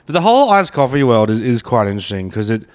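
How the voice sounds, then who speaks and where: A man's voice: mid-range voice, big pitch swings, fast. Australian male podcast host, rambling casual chat, restarts a lot. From Brisbane, Australia. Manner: rambling and chatty, often repeats words.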